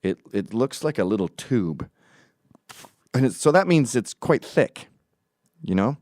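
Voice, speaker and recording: A man's voice: medium pitch, big pitch swings, a little slow, darkish tone, dry recording. A man hosting a podcast, telling a story in a mocking, profane way and acting out the quotes. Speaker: podcast host. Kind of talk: casual storytelling monologue.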